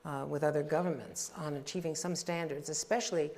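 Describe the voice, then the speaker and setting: A woman's voice: deep voice, steady tone, brisk, a little mellow, slight background noise. An older woman interviewing a guest on stage, asking questions in a chatty, conversational way. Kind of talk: panel interview.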